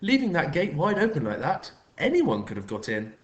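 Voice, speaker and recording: A man's voice: on the high side, huge pitch swings, normal speed, muffled recording, voice pushed up. A man voicing a scheming middle-aged woman neighbour who talks in a sugary, trilling way full of pet names.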